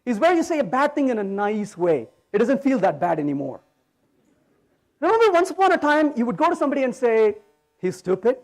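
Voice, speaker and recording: A man's voice: very high-pitched, fairly quick. Guy giving a tech conference talk, voice bounces all over, keeps joking and asking the crowd "right?". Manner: animated, joking storyteller; asks the audience rhetorical questions. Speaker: conference speaker. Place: conference hall stage.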